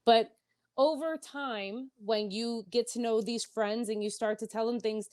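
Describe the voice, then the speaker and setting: A woman from Philadelphia chatting on a podcast, talking bluntly and with plenty of swearing. Her voice sits a bit high. She tells her stories with lively energy, and a faint noise hums under her. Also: unhurried. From Philadelphia, USA. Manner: blunt, profane, animated storytelling. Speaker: podcast co-host. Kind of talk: casual podcast chat.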